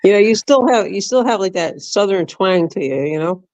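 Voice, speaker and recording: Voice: mid-range voice, animated, normal speed, a little mellow, no room sound. A speaker chatting on a stream who greets viewers and calls people "love". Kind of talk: casual stream chat. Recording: dull, dry, lo-fi stream audio.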